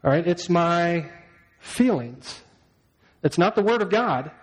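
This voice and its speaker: A man preaching a sermon, his voice sitting a little higher than most men's. He talks to the congregation conversationally and keeps checking in with questions. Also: expressive, slow pace, breathy edge, poor audio. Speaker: pastor.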